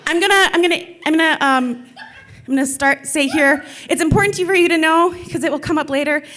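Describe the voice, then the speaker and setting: A woman's voice: sits high, brisk, a bit bright, a little hiss or hum. A young woman telling a personal story at a live event in a chatty way, full of filler words. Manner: chatty, lots of filler likes.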